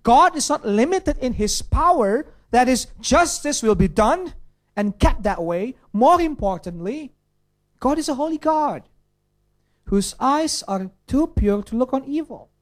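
A man's voice: extremely high pitch, animated, a little slow. Pastor, questioning his flock. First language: Indonesian. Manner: checks in with the audience through rhetorical questions. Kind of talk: sermon.

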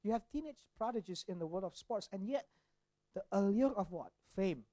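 A man preaches in an animated, searching way. He leans on rhetorical questions and often restarts his sentences. The recording is dry and close, with no room sound. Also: high voice, moderate pace, no room sound. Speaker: pastor. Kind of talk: sermon.

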